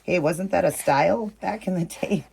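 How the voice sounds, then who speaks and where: A woman's voice: fairly low pitch, moderate pace, vocal fry, a little mellow, slight background noise. A middle-aged woman vlogging casually, cooing in baby talk and chatting to viewers. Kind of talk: casual show-and-tell vlog.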